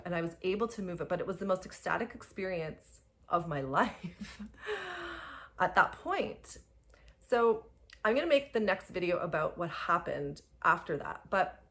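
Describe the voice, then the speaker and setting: Breathy, emphatic woman telling a personal story. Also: lowish voice, a bit bright. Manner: breathless and emphatic, many fillers and laughs. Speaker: spiritual guide.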